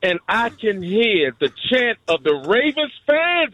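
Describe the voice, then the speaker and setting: A man calling in to a sports radio show, telling a story in an animated, joking way. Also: very high-pitched, slow pace, no echo. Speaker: caller. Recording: dull lo-fi phone line.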